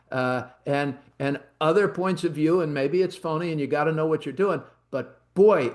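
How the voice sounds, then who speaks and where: A man with a fairly high voice hosts a podcast in a loose, conversational way. He rambles, circles back and fills pauses with "uh" and "um" as he talks. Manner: rambling, conversational storyteller with frequent fillers. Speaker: podcast host. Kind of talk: casual chat.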